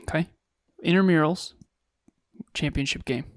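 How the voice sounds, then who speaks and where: Male podcast co-host, earnest storytelling, slightly high voice, dry close sound. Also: a little slow, no echo. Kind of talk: casual chat.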